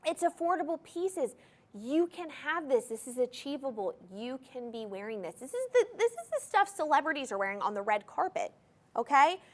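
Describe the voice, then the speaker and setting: On a live TV shopping show in a studio, a female host gushes over jewelry, her high voice swinging widely in pitch at a moderate pace. She speaks enthusiastically right to viewers, repeating item numbers and key phrases to drive them home.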